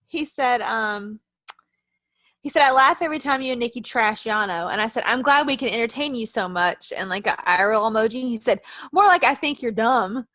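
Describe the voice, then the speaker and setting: Young female co-host, animated and profane, a touch high, dry close mic. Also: normal speed, dry recording. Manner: animated, swearing, laughing a lot. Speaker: podcast co-host. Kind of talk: casual chat.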